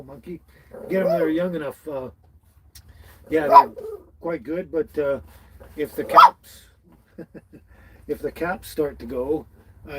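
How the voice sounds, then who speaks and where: A man's voice: on the high side, heavy background noise. A man from British Columbia, hosting a casual live stream and greeting viewers by name in a folksy way. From British Columbia, Canada. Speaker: livestream host. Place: tiny house with dogs nearby.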